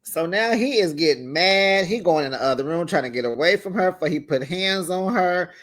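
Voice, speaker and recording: A reality TV reviewer giving casual commentary to the camera, animated and talking straight to the cast. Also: mid-range voice, normal speed. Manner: animated, talks straight to the cast, acts out quotes.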